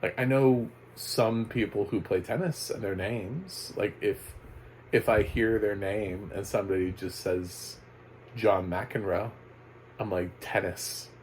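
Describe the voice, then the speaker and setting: Man, movie reviewer, low voice, casual rambling talk, lots of ums and restarts, faint background hiss. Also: slow, a little mellow, rough recording. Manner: rambling, chuckling, many fillers and restarts.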